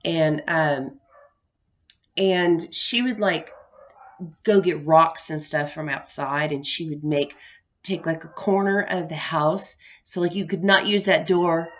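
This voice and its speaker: A woman's voice: deep voice, fairly even intonation, slow pace. A young adult woman telling family memories in a casual vlog, rambling with many restarts and laughing often. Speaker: vlogger. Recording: dull lo-fi recording.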